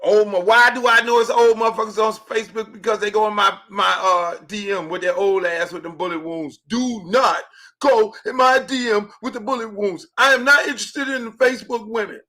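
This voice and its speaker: A middle-aged man with a Miami accent hosting a casual livestream podcast, profane and joking, swinging between booming and hushed talk. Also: steady tone, fairly quick. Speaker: podcast host.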